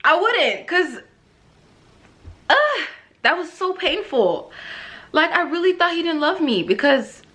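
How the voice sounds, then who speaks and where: Young female vlogger, casual testimony, lively swinging pitch, chatty and heartfelt, frequent laughs. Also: takes it slowly, long pauses. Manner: emotional, rambling, laughs often, many fillers. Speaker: vlogger sharing her faith testimony.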